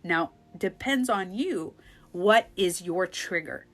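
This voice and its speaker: A woman in her thirties, a life coach chatting casually on a phone live stream, animated and blurting out loud quoted outbursts. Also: fairly low pitch, slow pace.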